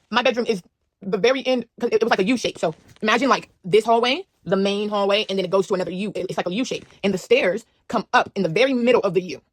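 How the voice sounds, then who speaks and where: Young woman rattling off a storytime, slangy and animated, bright high voice. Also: dry recording. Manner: animated, slangy, lots of fillers and asides to the viewer. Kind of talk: casual storytime.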